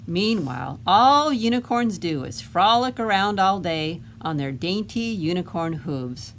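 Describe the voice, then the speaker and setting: A woman's voice: fairly low pitch, expressive, a little slow, a little hiss or hum. A woman reading as a grumpy, jealous goblin. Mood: grumbling. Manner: indignant, sarcastic complaining. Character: grumpy jealous male goblin, self-important. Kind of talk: read-aloud picture book narration.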